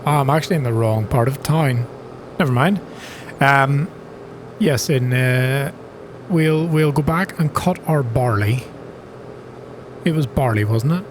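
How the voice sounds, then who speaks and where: A man talks casually through a farming game at an ordinary, mid-range pitch. He is chatty and self-mocking, and he breaks into sharp gasps when something surprises him. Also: expressive, normal speed, pauses often, a little hiss or hum. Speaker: gaming channel host. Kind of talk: casual gameplay commentary.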